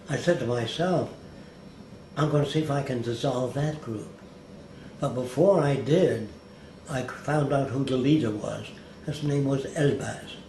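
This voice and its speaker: The recording is roomy with a faint hiss behind it. An older man being interviewed spins rambling anecdotes, acting out the people he quotes, in a dark, medium-pitched voice.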